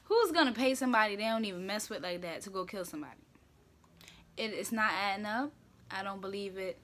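A woman's voice: medium pitch, animated, brisk, noisy background. A young woman, hosting her own casual talk show from home in a playful, opinionated, slangy way. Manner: chatty, playful and opinionated, with slang and filler words. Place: room at home.

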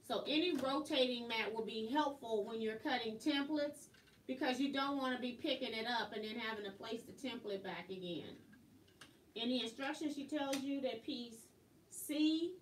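A woman hosting a casual live quilting tutorial, chatty and quick to laugh. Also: fairly high pitch. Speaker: quilting instructor and host. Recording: roomy, distant mic, faint noise.

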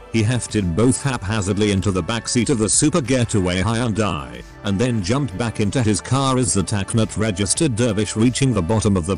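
A synthetic male text-to-speech voice narrating a story with a steady, machine-read delivery. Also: fairly low pitch.

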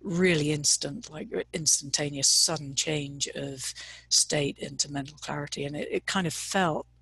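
A woman's voice: low voice, moderate pace, fairly bright tone, breathy edge, no echo. A woman leading a meditation discussion on a video call, talking hesitantly and searching for words. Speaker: meditation teacher. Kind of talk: casual teaching talk on a video call.

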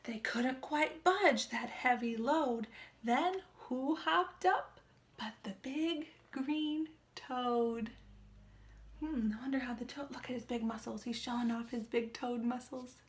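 High, slow, sing-song woman reading to children. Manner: sing-song, animated, asks children questions. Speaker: children's librarian. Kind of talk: children's story time reading with sign language. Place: small room.

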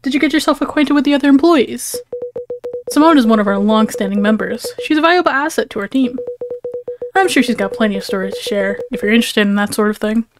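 A woman's voice: on the high side, animated, fast, natural voice. A woman voicing a formal clock-headed boss. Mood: polite. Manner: courteous and formal. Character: polite formal male company CEO with a clock head. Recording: game music behind.

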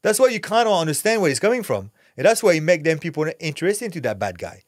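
A man's voice: on the high side, big pitch swings, quick pace, no echo, clean studio sound. A middle-aged man, an actor and former fighter, talking candidly as a podcast guest in a blunt, intense way and swearing freely. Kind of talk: candid podcast interview talk.

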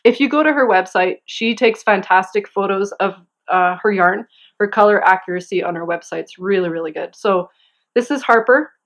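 A woman's voice: mid-range voice, normal speed. Chatty giggly woman knitting podcaster. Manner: chatty, giggly, excitable asides. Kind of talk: casual chat to camera. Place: home.

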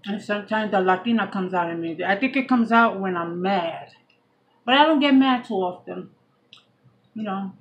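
A woman's voice: medium pitch, animated, moderate pace, highs cut off. A woman from Brooklyn, New York, with a Southern US accent, chatting casually while she eats at home by a window for her mukbang video. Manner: chatty, slangy, laid-back, eating between sentences. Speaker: mukbang vlogger.

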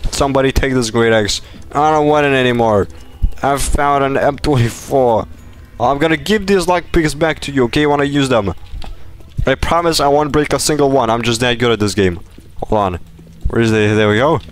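A man streams live gameplay, joking and bragging to his chat and teammates and breaking into laughs and shouts. His mid-range voice moves at a moderate pace over soft background music.

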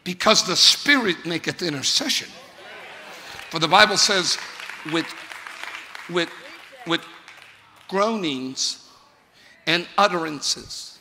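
A man's voice: high voice, lively intonation, slow, pauses often, pushed and bright, some chatter behind. A man preaching a sermon as a pastor, fervent and conversational, firing rhetorical questions at his congregation. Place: church sanctuary. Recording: long church reverb.

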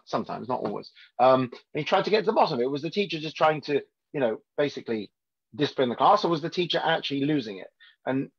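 A man's voice: mid-range voice, gravelly, husky. A man teaching a weekly Torah class as a rabbi, in a conversational way, often checking in with his listeners. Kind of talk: informal Torah lesson. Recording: dull lo-fi sound.

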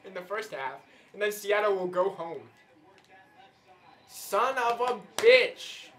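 Young man, gamer, swears and shouts at the screen, bright voice, animated pitch. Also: takes it slowly. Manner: loud, swearing outbursts at the game. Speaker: gamer co-host. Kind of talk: casual gameplay banter.

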